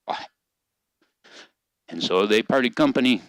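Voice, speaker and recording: Older man telling a slow story. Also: medium pitch, vocal fry, a bit bright, no echo, rough recording.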